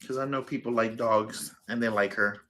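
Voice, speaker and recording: A man's voice: fairly low pitch, fairly even intonation, normal speed, a bit bright, slight background noise. A man hosting a casual livestream, rambling with lots of fillers and turning aside to talk to his dog and his viewers. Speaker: livestream host.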